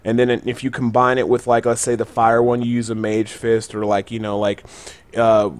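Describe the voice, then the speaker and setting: A man's voice: mid-range voice, level tone, normal speed. A young man giving casual, chatty gameplay tutorial commentary, loose with fillers and gamer slang. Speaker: gaming channel host.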